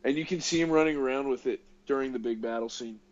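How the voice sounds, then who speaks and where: A man co-hosting a podcast, chatting in an excitable, animated, incredulous way. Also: mid-range voice, quick pace, dull audio. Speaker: podcast co-host. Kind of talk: casual chat.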